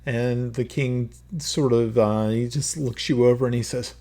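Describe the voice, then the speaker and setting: Male game master, slow, gravelly, halting narration. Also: mid-range voice, fairly even intonation, warm tone. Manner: halting, full of fillers.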